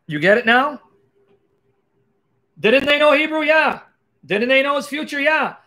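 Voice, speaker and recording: An emphatic man with a very high-pitched voice teaches scripture to his viewers. He fires off rhetorical questions and punches his points home with sharp exclamations. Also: lively intonation, a little slow. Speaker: Christian apologist. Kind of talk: animated teaching monologue.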